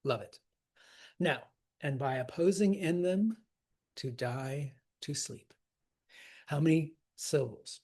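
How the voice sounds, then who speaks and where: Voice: medium pitch, animated, slow pace, pauses often, darkish tone, slightly rough. A teacher explaining poetic meter in a casual, enthusiastic way, laughing now and then. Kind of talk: scansion lesson.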